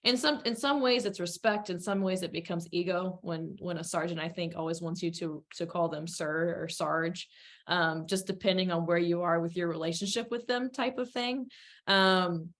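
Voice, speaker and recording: Hesitant low-voiced woman host. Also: fairly bright tone. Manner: hesitant, halting, many fillers. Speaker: podcast host, working officer. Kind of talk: casual interview chat.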